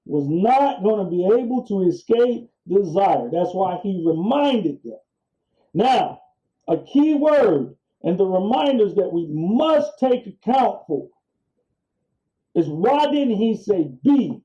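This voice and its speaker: A man delivers a sermon-style teaching at an unhurried pace, stressing words and going back over his points. His voice sits high for a man. The recording is somewhat dull and lo-fi. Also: big pitch swings. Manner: slow, deliberate, repeats key phrases. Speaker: preacher.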